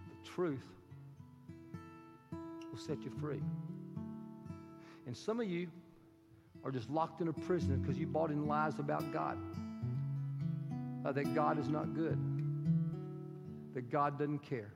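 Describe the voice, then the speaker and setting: A man preaching a sermon as a pastor, swinging from loud, soaring lines to hushed whispers. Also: fairly high pitch, measured pace, creaky, pauses often. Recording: reverberant hall with music underneath. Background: soft guitar music.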